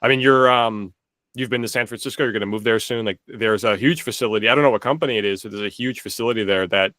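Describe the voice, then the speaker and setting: A young man talks loosely on a podcast, piling up filler words and restarting his sentences. His lowish voice has a bright, forceful edge. The recording is dry and close, with no room sound. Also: fast, no room sound. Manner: rambling, many "like" fillers and restarts. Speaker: podcast co-host. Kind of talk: casual chat.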